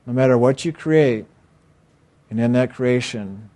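A man giving a calm, measured inspirational spiritual talk with repeated phrases. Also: medium pitch. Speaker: spiritual teacher.

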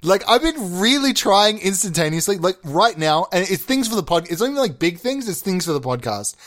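A crude, incredulous prime minister, as a young man plays him, rambling in a loose comedy bit. The voice sits a little high for a man, full of casual swearing and disbelief. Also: very animated, a little fast, a bit bright. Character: crude, bewildered new male prime minister. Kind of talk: improvised comedy monologue.

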